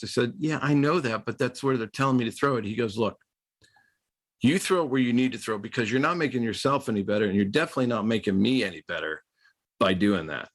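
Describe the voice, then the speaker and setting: A man's voice: mid-range voice, fast. A middle-aged man, a podcast guest and former quarterback, telling stories in a casual interview and acting out other people's voices. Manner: animated storyteller acting out quoted voices.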